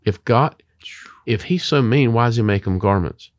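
A man's voice: medium pitch, moderate pace, no echo, clean studio sound. A man who is a Christian author, talking about faith in an emphatic, preacher-like way full of rhetorical questions.

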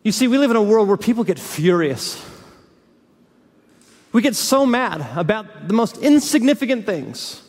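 Male pastor, high voice, dramatic sermon delivery, church hall reverb. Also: very animated, normal speed. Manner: dramatic swings between hushed lows and fiery peaks.

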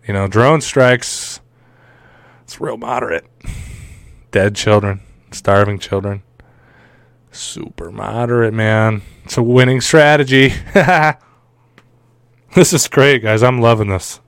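A man's voice: medium pitch, slow pace, a bit bright, smooth, no room sound. A man hosting a political podcast, ranting sarcastically and swearing often. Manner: sarcastic, profane, mocking. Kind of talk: casual ranting commentary.

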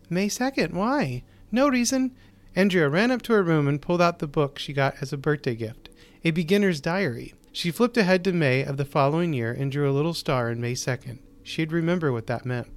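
Measured male short-story narrator. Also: fairly high pitch. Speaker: host and narrator.

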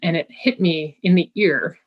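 Her voice sits on the low side and is slightly rough, at a moderate pace, with the highs cut off in the recording. A middle-aged healer and interview guest, she tells a personal story casually and vividly acts out what people said.

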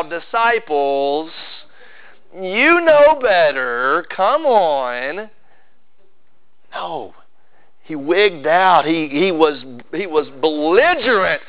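Male pastor mid-sermon, slightly high voice, emphatic delivery, dull lo-fi recording. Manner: animated, acts out quoted voices, rises to loud emphasis.

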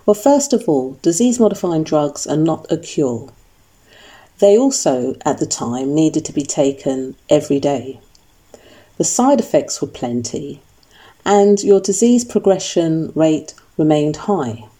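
Low-voiced woman with a very dark tone. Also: animated, unhurried. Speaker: narrator of her own health story. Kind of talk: scripted first-person narration.

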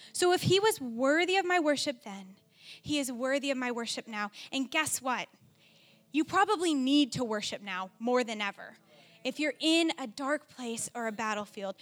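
A woman's voice: sits high, a bit bright. A woman preaching a sermon in a candid, conversational way, often checking in with her listeners.

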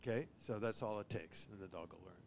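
A man who trains bird dogs, chatting on a podcast and giving tips, who often acts out owners and dogs in a higher voice. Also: fast, vocal fry, slight background noise. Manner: animated, mimics owners and dogs in a high voice. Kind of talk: casual podcast chat.

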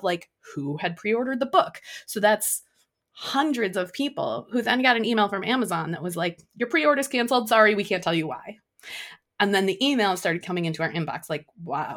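A woman's voice: medium pitch, fairly bright tone. A woman in her thirties hosting a podcast solo, talking candidly and emotionally, often laughing and sometimes choked up. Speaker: podcast host and author.

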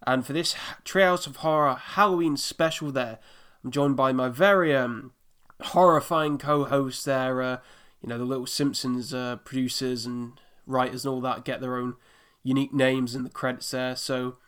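A man hosts a laid-back podcast, chatting easily with a co-host. His voice sits at an average pitch for a man. He drops little fillers as he goes. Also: steady tone, normal speed, fairly bright tone, smooth. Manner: chatty, lots of fillers like "there". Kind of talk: casual podcast chat.

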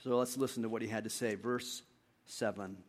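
A man preaching a sermon as a pastor, animated and dramatic, swinging between loud outbursts and quiet, low-key asides. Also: a little fast. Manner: animated, acts out quotes with big swings in loudness.

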